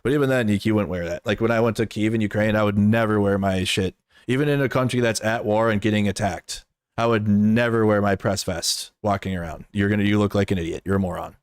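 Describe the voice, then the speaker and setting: A man's voice: on the low side, fast talker, clear, resonant tone, no echo, clean studio sound. A man in casual stream commentary, talking in a blunt, rambling and profane way, with lots of "like".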